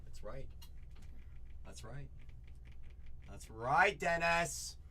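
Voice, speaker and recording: A man's voice: medium pitch, moderate pace. Guy hyping a live card break, keeps repeating himself, lots of y'all. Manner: hyped, repetitive, chatty, says y'all. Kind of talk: live-stream sales hype.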